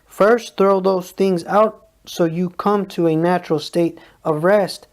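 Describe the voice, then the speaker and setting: Calm, mellow reader of spiritual teachings. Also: medium pitch. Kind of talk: read spiritual talk.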